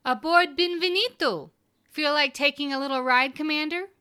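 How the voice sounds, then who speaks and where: Give me a provocative, coaxing young woman, as a male narrator puts her on, pitched high and bright. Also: moderate pace, no echo, clean studio sound, full character voice. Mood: teasing. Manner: teasing, provocative.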